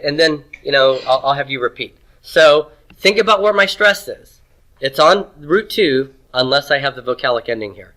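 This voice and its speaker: Guy teaching a class, bright voice, keeps asking questions and joking. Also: mid-range voice, normal speed, poor audio. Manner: drills pronunciation, asks the class questions, folksy jokes. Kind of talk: classroom lecture.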